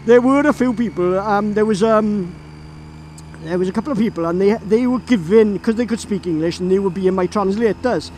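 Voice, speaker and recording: A man's voice: high-pitched, a little fast, darkish tone, a little hiss or hum, low-quality recording. A man from Llanelli with a Welsh accent, telling a rambling story while riding his motorbike and laughing often. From Wales. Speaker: motorcycle vlogger. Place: on a moving motorbike outdoors.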